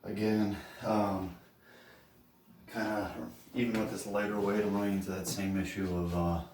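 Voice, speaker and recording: A man out of breath during a workout, counting reps and talking it through in a casual, halting way with lots of fillers. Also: fairly low pitch, flat delivery, echoey room, distant mic, background noise. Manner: talks between sets, counting reps, with fillers and pauses. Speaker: fitness vlogger.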